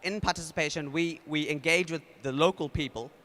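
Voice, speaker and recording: A man with a New Zealand accent speaking at a conference, casual and energetic, with many fillers and restarts. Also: fairly high pitch, fairly quick. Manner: energetic, leads the audience in a game. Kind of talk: conference talk.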